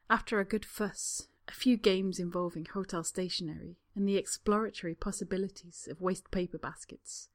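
A woman narrating a fan story as an audiobook, in a soft, unhurried reading voice that at times drops near a whisper. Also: on the low side.

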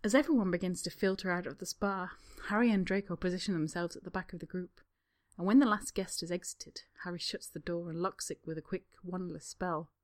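Woman narrator, slightly low voice, calm steady storybook reading. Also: a little fast. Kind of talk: storybook reading of fan fiction.

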